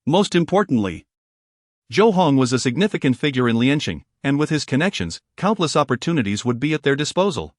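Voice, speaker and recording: A man narrating a serialized novel in an even, formal storytelling manner. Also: mid-range voice, fairly quick, no echo, clean studio sound. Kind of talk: scripted audiobook narration.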